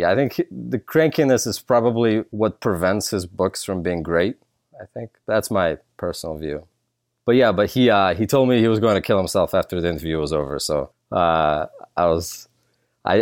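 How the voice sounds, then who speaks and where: A middle-aged man, born in Russia, speaking as a political science professor in a relaxed interview, candid and full of fillers. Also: deep voice, normal speed, no echo, clean studio sound. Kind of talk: casual conversational interview.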